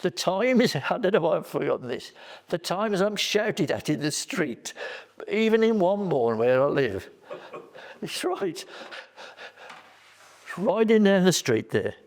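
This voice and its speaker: A man's voice: on the high side, big pitch swings, unhurried, vocal fry, long pauses, a little mellow. An older man, a former college staff member reminiscing in an interview and telling chatty anecdotes.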